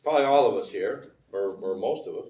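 A man's voice: lowish voice, expressive, a little fast, mellow, muffled recording. A male pastor preaching a sermon in a conversational way, asking the congregation questions. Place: church sanctuary. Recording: roomy church hall, mic at a distance.

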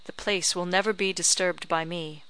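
Woman reader as honest gentleman settler, measured, crisp. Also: fairly low pitch, fairly even intonation, close to an everyday voice, low-quality recording. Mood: steady.

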